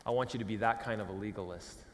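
A man from California preaching a sermon as pastor, emphatic and swinging between loud declarations and hushed asides. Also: lowish voice, quick pace, long reverb tail, slight background noise. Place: church sanctuary.

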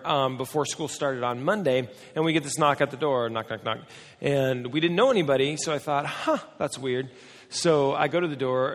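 A middle-aged American pastor tells a rambling, self-mocking story from the pulpit. His voice is gravelly and cracks now and then. It rings with the long reverb of a big hall. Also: mid-range voice. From United States. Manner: self-deprecating, chatty storytelling. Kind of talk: storytelling sermon.

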